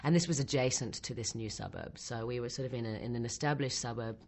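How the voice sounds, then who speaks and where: A cast member calmly describing a past shoot in an interview, plain and descriptive. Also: medium pitch, fast. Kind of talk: interview recollection.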